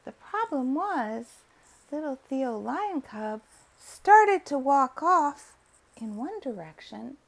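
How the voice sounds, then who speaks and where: Woman, bedtime storyteller: slow, soft, whispery, melodic, a touch of vocal fry. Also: high-pitched, very animated.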